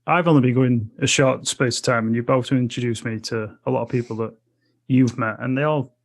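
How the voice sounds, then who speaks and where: A man's voice: mid-range voice, fairly even intonation, a little fast. Laid-back Yorkshire man in podcast chat. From Yorkshire, England. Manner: laid-back, slangy, rambling.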